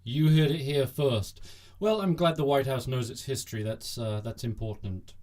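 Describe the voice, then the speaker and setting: A man's voice: mid-range voice, moderate pace, a little mellow. A man hosting a satirical news monologue, talking in a sarcastic, jokey way. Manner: sarcastic, jokey, bursts into mock cheering. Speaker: host.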